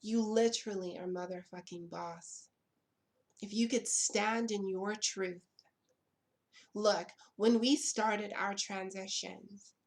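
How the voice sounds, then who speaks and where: Young woman, vlogger, impassioned commentary; unhurried, punchy repetition, swears freely. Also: medium pitch. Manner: emphatic, repeats lines for effect, blunt and profane. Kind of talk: impassioned direct-to-camera commentary.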